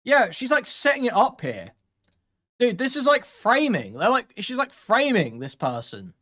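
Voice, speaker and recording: A man hosting a reaction commentary, talking loudly, swearing and reacting with animated outbursts while reading from posts. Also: extremely high pitch, a little slow. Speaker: commentary host. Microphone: studio mic with sound deadening.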